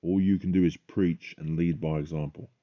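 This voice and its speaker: Very deep-voiced fervent man. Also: fairly even intonation, normal speed, lo-fi sound. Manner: fervent, emphatic preaching. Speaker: podcaster. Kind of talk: religious testimony monologue.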